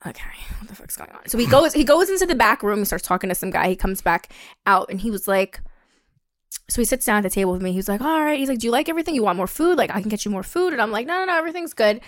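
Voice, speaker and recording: Animated young woman telling a story, dry sound. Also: racing, no echo. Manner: animated, acts out quotes with a higher pitch, swears, laughs. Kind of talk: casual chat, telling a dating story.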